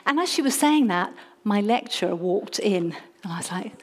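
A woman telling a lively personal testimony story, self-mocking and acting out her own past pleas. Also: medium pitch, moderate pace, crowd noise.

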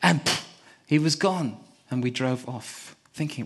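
A man's voice: medium pitch, unhurried, fairly bright tone, husky. A man preaching a sermon, telling a personal story and hammering key words through repetition. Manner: emphatic, repeats key words.

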